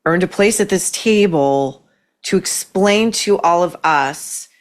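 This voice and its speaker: A woman's voice: fairly low pitch, takes it slowly. A woman hosting a commentary podcast, talking in a sarcastic, cutting way. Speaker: podcast host. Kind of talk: opinionated commentary.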